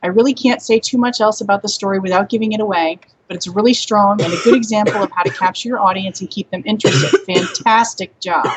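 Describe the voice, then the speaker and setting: A woman chatting casually as a co-host on a live stream, easygoing and quick to laugh, heard through dull, lo-fi audio. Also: mid-range voice, background noise. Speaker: podcast co-host.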